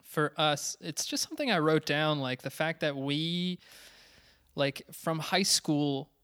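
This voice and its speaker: A young man co-hosting a casual podcast chat, halting and thinking aloud with many fillers. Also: a little high, lively intonation, fairly bright tone, clean tone. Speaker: podcast co-host.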